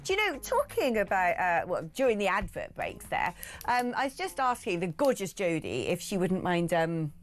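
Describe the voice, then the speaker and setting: Lively chatty British radio host woman. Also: lowish voice, normal speed. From United Kingdom. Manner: chatty, animated, with many fillers. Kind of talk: chatty radio phone-in hosting. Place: radio studio. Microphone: studio microphone.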